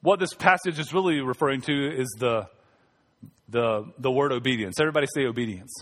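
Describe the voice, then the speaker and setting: A man's voice: mid-range voice, fairly quick, a bit bright, big-room sound. A male pastor preaching a sermon in a conversational, humorous way, calling on the congregation to respond. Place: church sanctuary.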